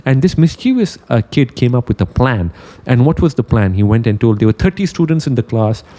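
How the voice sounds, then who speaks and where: A man giving a motivational talk, telling a story in an animated way and acting out the characters' quoted words. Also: mid-range voice, a little fast. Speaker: motivational speaker.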